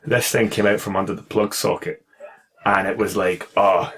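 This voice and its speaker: A man hosting a casual podcast, telling a story in an animated way, swearing freely and laughing as he goes. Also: lowish voice, normal speed. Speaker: podcast host and karate instructor.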